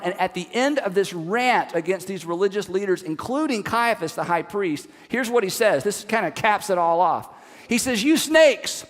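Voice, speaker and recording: A man preaching a sermon as a pastor, telling the story in an animated way with emphatic repetition. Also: high-pitched, in a large hall.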